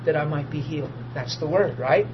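A man, preaching and telling a personal testimony, swinging from hushed talk to loud tearful laughter. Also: fairly high pitch, a little fast. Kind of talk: testimony storytelling. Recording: dull lo-fi audio with noise.

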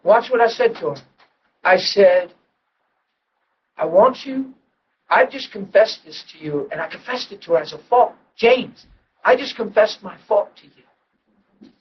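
A man preaching a sermon, telling his testimony with emotional storytelling that swings from hushed to loud. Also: high-pitched, animated, a little slow, pauses often, distant mic, muffled recording.

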